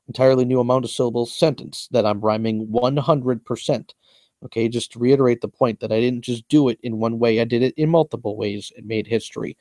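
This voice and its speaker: A man's voice: medium pitch, darkish tone, dry recording. A young man breaking down his own rap lyrics in a casual monologue, boastful and repetitive, going over each point at length.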